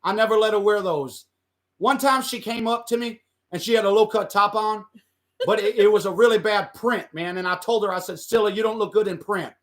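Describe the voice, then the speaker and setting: Man doing an Elvis impression, drawling, flirty, boastful, bit softer than his usual voice. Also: sits high, brisk, pitched below the performer's own voice.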